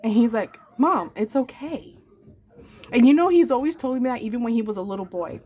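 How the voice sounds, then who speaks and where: A woman's voice: fairly high pitch, animated, racing, warm tone. A woman in her forties speaking in an earnest, emotional confessional vlog, calling her viewers "my darlings" and repeating phrases for emphasis. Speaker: vlogger. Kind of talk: heartfelt confessional vlog talk.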